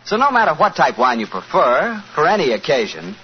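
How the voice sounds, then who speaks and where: A man's voice: on the high side, huge pitch swings, fairly quick, slightly rough. A man announcing in 1940s radio style, with a breezy, jokey sales patter. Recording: dull old radio broadcast with faint hiss.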